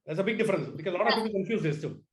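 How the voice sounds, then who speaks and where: A man's voice: high voice, animated, very fast, slight background noise. A man, teaching an online class. He often repeats his words and asks the students to try the sounds themselves.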